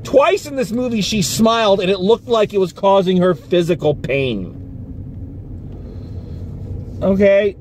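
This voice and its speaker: A man's voice: sits high, lively intonation, unhurried, long pauses, a little hiss or hum. A man giving a casual spoken movie review from inside a car, ranting with exasperation and swearing freely. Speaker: film reviewer.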